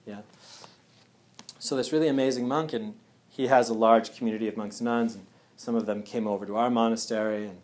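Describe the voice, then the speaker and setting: A man's voice: on the low side, steady tone, fairly quick, a little mellow. A man speaking casually to a live audience at a wellness talk. He often checks in with "yeah?" and "right?".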